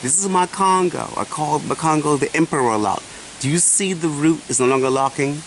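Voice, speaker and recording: A man in his forties telling a personal story in casual chat, animated and often asking his listener questions. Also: on the high side, a little fast. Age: 40s. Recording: noisy recording.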